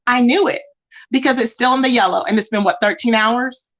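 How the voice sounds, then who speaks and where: A woman's voice: a little high, brisk, a bit bright. A woman hosting a casual live stream, chatting with viewers and reading their comments, calling them baby and child.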